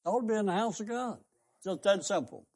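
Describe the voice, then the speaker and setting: An older man with a drawl delivers a radio sermon. His fairly high voice climbs on emphatic, repeated questions, and he talks in the fervent manner of a country preacher. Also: animated, quick pace, a little mellow. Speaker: pastor and radio host.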